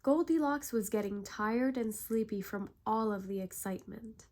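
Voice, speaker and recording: A woman narrating a bedtime story in a calm, gentle way. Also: fairly high pitch, moderate pace.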